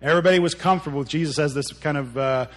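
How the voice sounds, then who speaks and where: A man's voice: a little high, very fast. A man preaching a sermon, retelling stories in a conversational way and acting out the characters' lines, often repeating words as he goes. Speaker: pastor.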